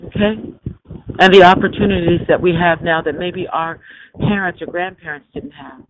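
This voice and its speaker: A man's voice: high voice, steady tone, normal speed. A man hosting a call-in podcast, talking in an emphatic, preachy way and often asking "okay?". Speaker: podcast host. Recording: tinny phone line with faint hiss.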